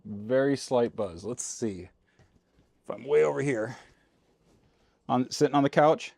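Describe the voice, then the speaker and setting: A man's voice: medium pitch, unhurried, gravelly, darkish tone, no echo, studio quality. A man vlogging from inside his RV, talking casually to himself and his viewers while he works, grumbling and folksy, into a handheld mic. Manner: folksy and informal. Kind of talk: casual vlog talk.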